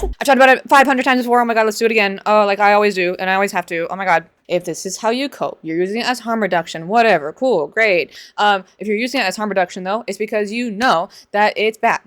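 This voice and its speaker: Sarcastic ranting woman commentator. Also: medium pitch. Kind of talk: reaction commentary.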